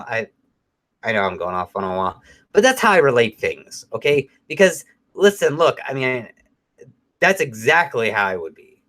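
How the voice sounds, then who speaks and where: A middle-aged man co-hosting a show, chatting casually and telling stories in a rambling, profane way. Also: mid-range voice. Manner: profane, rambling, animated storytelling. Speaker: podcast co-host.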